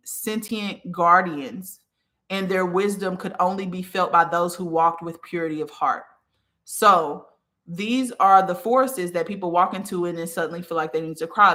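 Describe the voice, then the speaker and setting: A woman's voice: on the low side, fairly bright tone. A woman hosting a casual spiritual teaching monologue, speaking straight to the listener in an earnest tone, often stopping to ask "okay?" and restarting her sentences. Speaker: spiritual podcast host.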